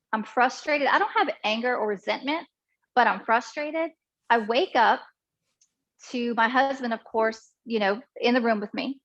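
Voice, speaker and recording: A middle-aged woman speaks openly in an interview, her voice set fairly high. She tells her story frankly and with energy. The recording sounds dull and lo-fi. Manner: frank and animated, acts out others' voices in quotes. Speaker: interview guest. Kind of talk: candid conversational storytelling.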